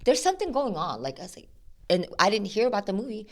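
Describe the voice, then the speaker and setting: A woman attorney from Sacramento, chatting casually as a podcast guest and telling animated stories, acting out quoted exchanges with lots of fillers. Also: mid-range voice, quick pace. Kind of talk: casual interview chat.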